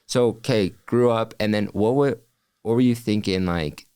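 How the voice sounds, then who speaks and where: A young male podcast host with a low, deep voice, recorded dry and close. He reacts eagerly and peppers his casual talk with "like.". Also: a little mellow, clean tone, dry recording. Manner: enthusiastic, quick reactions, filler "like". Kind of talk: casual interview chat.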